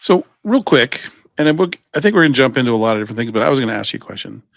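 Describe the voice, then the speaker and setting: A man's voice: medium pitch, very fast, gravelly, fairly bright tone, no echo. A man co-hosting a podcast, telling stories in a rambling, playful way and restarting his sentences often. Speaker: podcast co-host. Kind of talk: casual chat.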